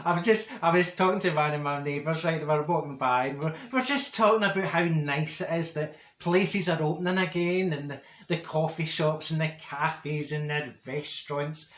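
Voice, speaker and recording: Man doing a Glaswegian woman, middle-aged, blunt, gossipy, broad Scots, raised pitch, roomy echo. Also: normal speed, hardly any pauses, fairly bright tone, lightly acted. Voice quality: broad Scots dialect, gossipy storytelling with put-on voices. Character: chatty middle-aged Glasgow woman, blunt people person. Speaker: comedy character monologue. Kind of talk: character comedy monologue.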